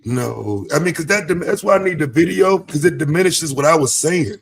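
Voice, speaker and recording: Husky guy on a stream panel, blunt, pushes back hard. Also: fairly high pitch, animated, brisk. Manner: argumentative, forceful and blunt. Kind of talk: casual livestream debate.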